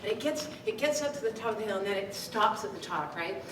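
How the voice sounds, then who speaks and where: A woman speaking coach telling a lively story to a live audience, laughing often as she talks. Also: medium pitch, fast. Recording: distant mic in an echoey room with background noise.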